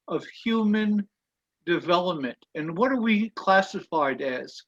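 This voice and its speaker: Man, high-pitched and slow, reading quotes with careful stress; dull, dry webinar audio. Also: animated, fairly bright tone. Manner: measured, deliberate reading with stressed words. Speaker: reader in a study webinar. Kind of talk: reading quotes aloud with commentary. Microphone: video call.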